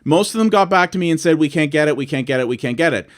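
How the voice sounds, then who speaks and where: Fed-up canadian guy ranting bout bad service, kinda high voice, cursing, plays out both ends of his phone calls. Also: animated, racing. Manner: exasperated, swearing, acts out both sides of phone calls. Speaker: vlogger. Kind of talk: ranting monologue.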